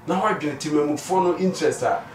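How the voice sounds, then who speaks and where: Earnest Ghanaian man, echoey and distant. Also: a little high. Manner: measured, earnest, mostly in Twi. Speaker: interviewee. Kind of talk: casual street interview. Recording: echoey, distant mic, faint noise.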